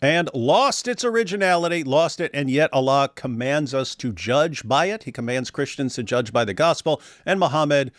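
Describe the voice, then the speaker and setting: A man's voice: mid-range voice, expressive, normal speed, hardly any pauses, dry recording. A man in the middle of his range, hosting a livestream debate commentary. He argues in a sarcastic, emphatic way, and his voice sounds dry and close. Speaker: host.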